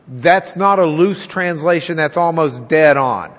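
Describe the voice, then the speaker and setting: A man teaches a Bible class in a folksy, sermon-like style, raising his pitch to act out the people's complaints. He keeps a measured pace with hardly any pauses, and the recording has a big-room sound.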